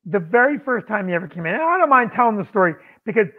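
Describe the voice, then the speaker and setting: A man with a high voice tells animated stories about running a comedy club, acting out the people in them. He comes through a thin, phone-like line. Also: quick pace. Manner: animated storyteller acting out quotes. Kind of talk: casual storytelling on a podcast.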